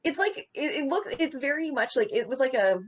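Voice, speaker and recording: A woman's voice: high voice, big pitch swings, brisk. Rambling woman with many fillers. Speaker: podcast co-host. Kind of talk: casual chat.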